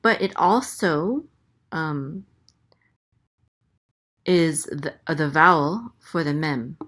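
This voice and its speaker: A woman teaching a language lesson, going through letters and vowels and patiently repeating each syllable. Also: sits low. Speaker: Hebrew teacher. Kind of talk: slow, careful letter-by-letter lesson.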